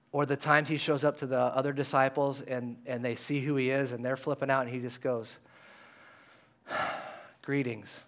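A male pastor giving a conversational, animated sermon in a church, at times dropping to a hush. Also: mid-range voice. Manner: conversational and animated, dropping to hushed tones for quoted words. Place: church sanctuary.

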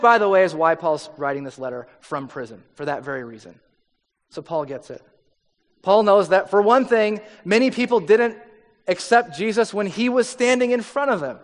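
A man preaching a sermon as pastor, earnest and emphatic, letting phrase endings fall away. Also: fairly high pitch. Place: church sanctuary. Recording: hall reverb with faint music.

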